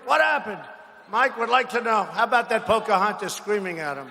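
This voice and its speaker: Man at a rally, high bright voice, mocking, repeats himself, long arena reverb. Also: expressive, fairly quick, vocal fry, a little hiss or hum. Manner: mocking, repetitive, shouts lines to the crowd. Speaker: political speaker at a rally. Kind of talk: rally speech. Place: large arena.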